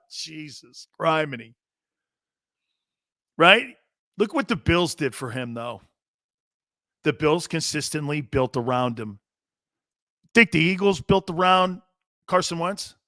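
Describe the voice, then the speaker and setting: Brash, high-voiced sports talk host. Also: male voice, slow, long pauses, no echo, studio quality. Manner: brash, animated, rhetorical questions, slangy. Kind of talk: opinionated sports talk monologue.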